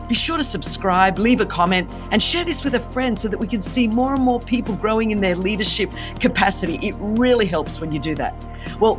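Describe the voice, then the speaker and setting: Enthusiastic Australian woman, podcast host, chatty interview tone, clear music bed. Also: mid-range voice. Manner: enthusiastic, gushing. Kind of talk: casual interview chat.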